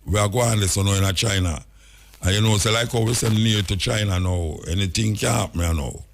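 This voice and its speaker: A man's voice: lowish voice, a little fast, a little hiss or hum. A Jamaican man hosting casual talk radio, rambling through anecdotes in patois and chuckling often. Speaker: radio talk show host.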